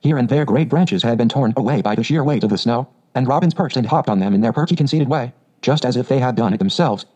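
A man's voice: medium pitch, fast talker, hardly any pauses, slightly rough, natural voice. A man voicing a hearty, bold male otter who tells his tale cheerfully. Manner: cheerful, lively storyteller.

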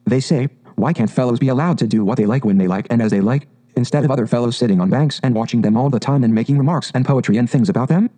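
A man voicing a cheerful, good-natured male water rat from a storybook, talking in a brisk, hearty, chatty way. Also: medium pitch, dark tone, close to an everyday voice, low-quality recording.

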